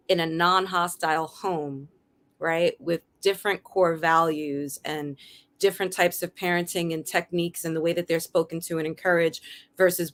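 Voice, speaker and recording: A woman's voice: fairly low pitch, a bit bright. A middle-aged woman hosting a casual discussion. She talks earnestly and keeps checking in with "right?". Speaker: radio show host.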